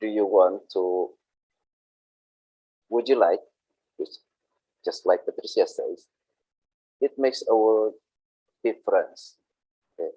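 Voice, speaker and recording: A man teaching workplace English online, explaining slowly with frequent hesitations and repetitions. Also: on the low side, dark tone, no echo. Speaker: English instructor. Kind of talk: online vocational English lesson. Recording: dull lo-fi sound.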